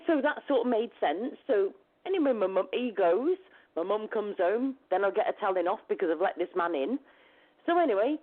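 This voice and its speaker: Lively woman storytelling over a tinny line. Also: medium pitch. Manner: chatty, rambling, animated storyteller. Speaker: show host. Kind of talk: casual storytelling chat. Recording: phone-like lo-fi call audio.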